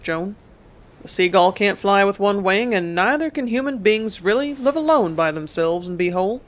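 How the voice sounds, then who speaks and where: A woman voicing a weathered middle-aged sea captain father, steady and instructive in an audiobook reading. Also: mid-range voice, natural voice.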